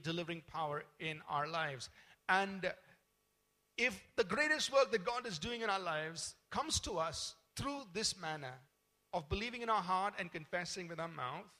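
A man preaching a Sunday sermon as pastor, explaining scripture and leading his congregation in a spoken declaration. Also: high-pitched. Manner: teaching calmly, then leading a loud congregational declaration.

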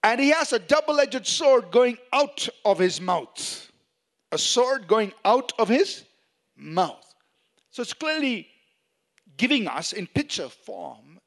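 A man preaching a sermon, reading scripture and asking the congregation if they follow him. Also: sits high. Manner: animated preaching with questions to the congregation. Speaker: pastor.

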